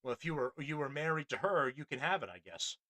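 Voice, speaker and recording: A man hosting a podcast, ranting angrily with lots of profanity and restarts. His voice sits a little high and sounds bright and forceful. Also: very animated, quick pace. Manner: angry, crude, rambling. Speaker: podcast host. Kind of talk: profane political rant.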